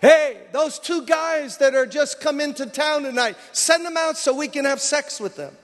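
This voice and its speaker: A man preaching, putting on a rowdy mob of men who jeer and shout in a high, strained voice. The sound carries a long reverb through a large hall. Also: normal speed. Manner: jeering, raised voice. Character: rowdy hostile crowd of city men.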